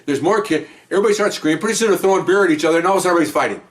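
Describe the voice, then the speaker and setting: An older man, a retired police officer, tells a story from his career in a casual, rambling way. He talks fast and his voice sits a little high. He gets animated and acts out what people said.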